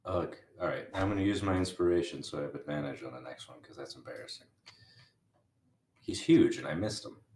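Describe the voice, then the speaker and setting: A man's voice: rumbling low, brisk, darkish tone, roomy sound. A man playing a tabletop game, joking in a dry, wry way. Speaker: player. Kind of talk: casual tabletop play.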